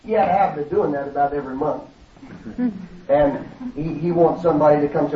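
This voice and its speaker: A man's voice: on the high side, fairly even intonation, quick pace, long pauses, noisy background. A man preaching a fervent, folksy sermon in a church, often calling out hallelujah. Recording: distant, roomy, dull sound.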